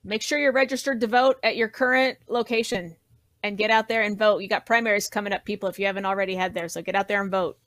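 A woman's voice: mid-range voice, fairly even intonation, quick pace, a bit bright, dry recording. A woman guest panelist speaking with indignant emphasis in casual podcast talk.

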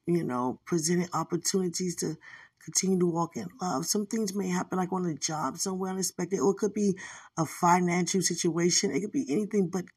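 A woman sharing a spiritual testimony in a relaxed, rambling way, full of "you know"s and warm asides. Her voice is husky and her pace is unhurried. She sits a little back from the mic in a dry room. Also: lowish voice, no room sound, distant mic. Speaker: podcaster.

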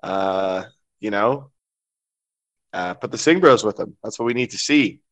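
Man, podcast host, low voice, dry close sound, excited chatter. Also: measured pace, dry recording. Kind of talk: casual podcast chat.

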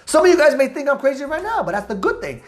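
A man hosting a motivational podcast, talking loudly and emphatically with high energy and casual slang. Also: very animated, quick pace, soft background music. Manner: repetitive, hype-driven street slang. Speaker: podcast host.

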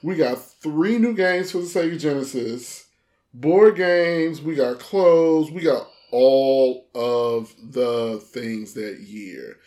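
A man chatting casually on a podcast, relaxed and slangy, reacting to a friend and then telling his own memory. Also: mid-range voice, slow. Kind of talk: casual chat.

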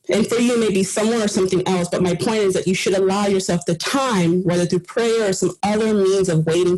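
A woman with a slightly husky voice tells a personal story on a podcast. She is earnest and animated and laughs now and then. Her pitch sits in the middle range. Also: low-quality recording. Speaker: podcast team member sharing a personal story.

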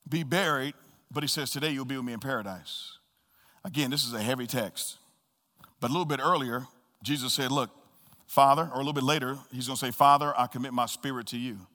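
A man preaching a sermon as pastor, swinging between soft low murmurs and high loud calls and repeating key phrases for emphasis. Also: in a large hall. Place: church sanctuary.

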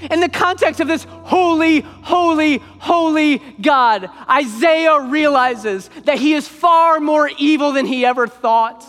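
Preacher, high voice, emphatic sermon delivery, long hall reverb, faint music underneath. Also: a little slow, few pauses, a bit bright. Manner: emphatic, repeats phrases for weight.

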